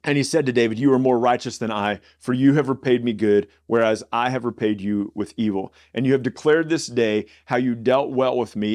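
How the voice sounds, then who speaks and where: A man of medium pitch hosts a Bible study show. He reads passages aloud, then talks them through in a loose, conversational way. He stumbles and repeats words as he goes. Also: darkish tone. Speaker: Bible study podcast host. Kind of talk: reading scripture aloud and explaining it casually.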